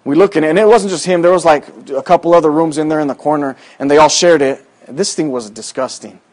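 Folksy male preacher, higher voice. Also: quick pace, a little mellow. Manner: folksy, rambling storytelling with many fillers. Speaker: pastor. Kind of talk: sermon with personal story.

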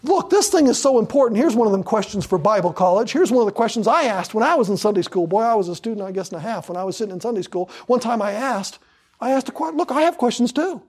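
A man's voice: high voice, darkish tone, slightly rough. A man preaching a sermon with fervor, hammering points through repetition and drawing out scripture for emphasis.

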